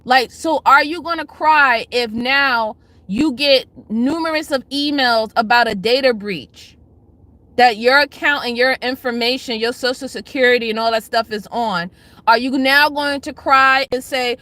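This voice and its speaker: A woman hosting a casual livestream, her voice high and bright. She shouts out chatters by name, then lectures and pleads with her viewers, hammering the same points again and again. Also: a little slow, no echo. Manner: emphatic, repeats herself. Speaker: livestream host.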